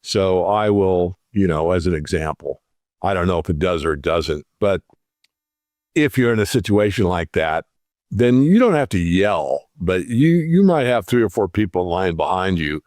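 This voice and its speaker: A man's voice: low voice, expressive, normal speed, a little mellow, no room sound, clean studio sound. A man, an interview guest, telling an everyday story in casual talk, acting out both sides of the conversation.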